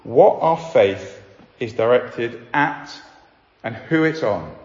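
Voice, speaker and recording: A man preaching a sermon, earnest, slowing down to stress key points. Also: mid-range voice, lively intonation. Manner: earnest, slows down for emphasis. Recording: echoey hall, slightly dull sound.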